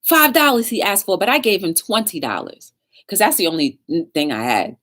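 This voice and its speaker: A woman's voice: mid-range voice, brisk. A woman hosting a talk show, telling a story in a casual livestream chat and talking straight to her viewers. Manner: chatty, animated, talks straight to viewers.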